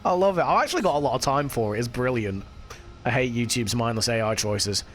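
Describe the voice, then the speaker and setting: A man talks easily with his stream chat as he plays, his voice sitting at a middle pitch. He chats loosely and swears casually. Faint music plays underneath. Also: lively intonation, a little fast. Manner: chatty, swears casually, reads and answers chat while playing.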